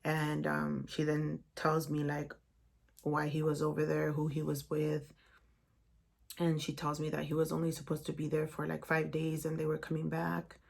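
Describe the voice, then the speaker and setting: Telling her audience about a painful memory in a storytime vlog, a young woman stumbles emotionally through her words, filling gaps with "like" and "um." Her delivery is completely flat, low and darkish, threaded with gravelly fry.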